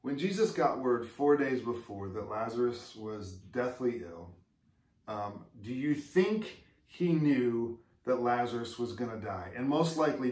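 A man preaching a sermon as pastor, in an earnest, conversational way and putting questions to his listeners. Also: medium pitch. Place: church sanctuary. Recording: echoey room, mic far off.

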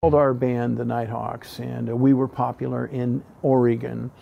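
A man's voice: mid-range voice, normal speed, gravelly, lo-fi sound. A middle-aged man, a blues singer and harmonica player, telling a casual story and animatedly acting out the people in it. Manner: animated, acts out quoted voices in his tale.

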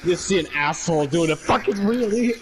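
A man's voice: sits high, lively intonation, fairly quick, loud music behind the voice. A young man reacting to a friend's story in casual chat, swearing and laughing along. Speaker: podcast co-host.

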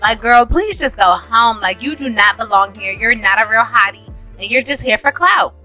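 A woman narrating a life-sim game, sassy and dramatic, with lots of slang. Her voice sounds bright and forceful. She talks to her viewers as if they were friends. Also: fairly high pitch, moderate pace, soft background music. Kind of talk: casual gameplay commentary.

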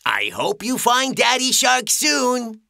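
A woman voicing a kind, gentle father shark in a cartoon, talking in a reassuring, animated way. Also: fairly high pitch, slow, vocal fry, faint music behind, full character voice. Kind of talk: cartoon voice acting. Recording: dry studio sound.

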